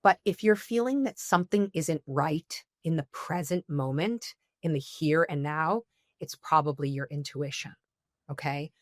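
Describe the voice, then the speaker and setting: A woman's voice: low-pitched, a little slow, no room sound, studio quality. A woman speaking as a therapist guest on a podcast, giving earnest advice and checking in with "okay?" often.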